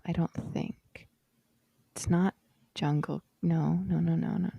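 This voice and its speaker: A woman co-hosting a podcast, chatting casually during a guessing game, excitable and thinking out loud. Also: fairly low pitch, normal speed, gravelly, no room sound, highs cut off. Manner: excitable, thinks aloud, laughs often. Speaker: podcast co-host.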